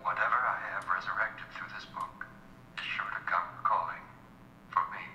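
A man plays a doomed man in a film monologue, speaking low and ominous about the evil he has raised. The voice is deep, with a bright edge. It sounds like a muffled clip played back in a room with long reverb. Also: steady tone, normal speed, slight background noise.

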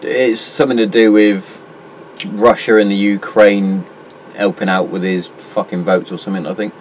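Man, jokey quick wisecracks, swears a lot, faint background noise. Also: lowish voice, steady tone, low-quality recording. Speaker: co-host. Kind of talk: casual banter.

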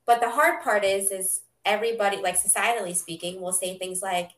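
A woman on a podcast calmly explaining how parents pass their trauma on to their kids. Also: mid-range voice, fairly quick, recorded from a distance. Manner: reflective, explanatory. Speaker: podcast co-host, therapist. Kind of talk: casual podcast chat. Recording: echoey room, away from the mic.

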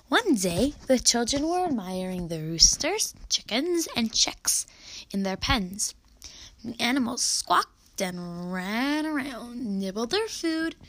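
A woman reading a children's storybook aloud with an animated, expressive delivery. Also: medium pitch, poor audio.

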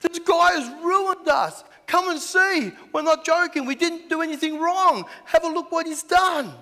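A man acting out upset male pig farmers, shrill and indignant as they complain. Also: unhurried, bright, forceful tone, full character voice. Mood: panicked. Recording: echoey hall.

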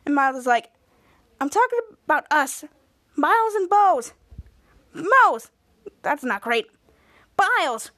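A woman's voice: high voice, takes it slowly, long pauses. A woman hosting a podcast, casually retelling a TV episode and acting out the characters' lines. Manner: acts out characters' lines with lively voices. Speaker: podcast host.

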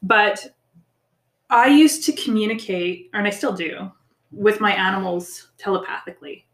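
Animated woman chatting in an echoey room. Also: medium pitch, unhurried. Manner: animated, swearing, encouraging. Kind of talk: casual chat.

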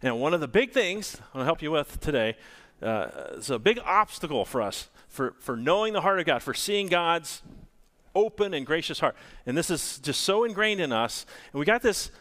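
A man's voice: fairly high pitch, sing-song, moderate pace, a bit bright. A male pastor preaching a sermon, asking the congregation rhetorical questions.

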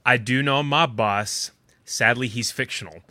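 A man co-hosting a podcast in relaxed, rambling chat, laughing often. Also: mid-range voice, a little slow, dry recording, studio quality. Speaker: podcast co-host and voice actor.

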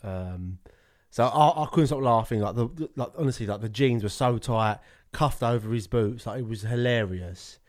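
A man's voice: mid-range voice, moderate pace. A man, co-hosting a podcast, telling stories animatedly with lots of laughing. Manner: laughs a lot, animated storytelling. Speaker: podcast co-host. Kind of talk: casual chat.

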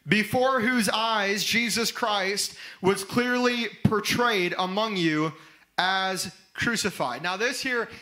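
Pastor, high-pitched man, emphatic fervent sermon delivery. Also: a bit bright, low-quality recording. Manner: emphatic preaching, rising to fervent exclamations.

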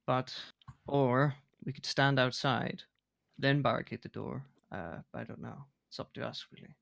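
Gravelly male player, dry close recording, hesitant explainer. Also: mid-range voice, steady tone, measured pace, fairly bright tone, dry recording. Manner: rambling, hesitant. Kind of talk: casual tabletop play.

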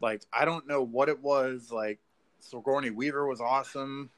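A man talking loosely and excitedly, piling on filler words and curses as he tells a story. His voice sits at an ordinary middle pitch. He sounds like one half of a laid-back chat between friends. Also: normal speed. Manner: rambling, profane, filler-heavy, says "like" and "dude". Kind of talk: casual chat.

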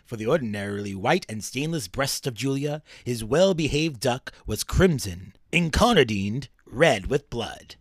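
A smooth, old-fashioned radio countdown host, as a man puts him on reads with dramatic announcer flair. The pitch swings widely through each phrase. The sound is close and dry. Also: expressive, measured pace, hardly any pauses, no room sound. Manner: announcer-style dramatic reading. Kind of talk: dramatic reading of a quote.

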